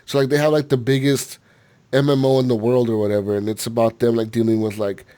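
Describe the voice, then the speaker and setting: A man's voice: mid-range voice, little pitch movement, fast, dark tone. A man hosting a gaming podcast in casual chat, rambling with lots of filler words, swearing freely and laughing often. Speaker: podcast host.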